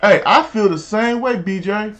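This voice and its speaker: A man streaming a football video game, chatting casually and telling stories in an animated, slangy way. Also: high voice, normal speed. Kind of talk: casual live-stream chat while gaming.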